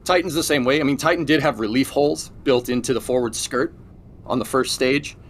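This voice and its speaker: A man co-hosting a livestream, working through rocket staging with lots of stops, fillers and restarts. His pitch sits in an ordinary middle range. A faint hiss of noise runs under the voice. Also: brisk. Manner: explains with many restarts and fillers. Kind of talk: casual technical chat.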